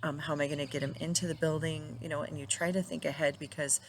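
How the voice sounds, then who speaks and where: A woman's voice: low-pitched, fairly even intonation, fast talker, a little hiss or hum. A middle-aged widow talking casually to her viewers, tender and reflective, laughing now and then as she remembers. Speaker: widow sharing her grief journey. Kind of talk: casual personal talk to camera.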